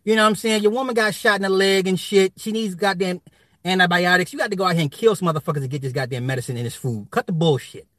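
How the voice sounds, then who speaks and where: A man's voice: high voice, fast talker, fairly bright tone, no echo, studio quality. A man ranting casually to his viewers, profane and rambling, laughing often. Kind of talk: casual rant.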